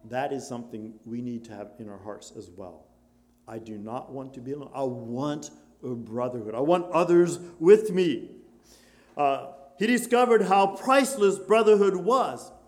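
A man preaching a sermon, switching between loud exclamations and quiet, hushed storytelling, with many questions put to his listeners. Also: medium pitch, normal speed. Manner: rhetorical questions to the congregation.

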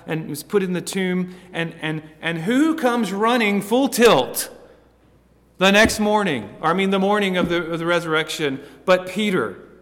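A man preaching a sermon, earnest, with stammering restarts and swings between loud and hushed passages. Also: fairly high pitch, in a large hall.

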